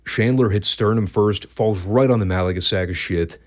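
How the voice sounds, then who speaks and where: A podcast host with a slightly low voice reviews old wrestling shows in a loose, casual style at a moderate pace. Dry and profane, he sometimes laughs at his own jokes.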